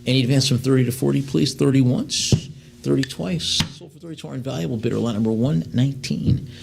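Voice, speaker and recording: A man working as an auctioneer in a live sale, reading out lot descriptions and then calling bids in quick runs. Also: mid-range voice, vocal fry. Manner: fast bid calls between slower lot descriptions, with fillers.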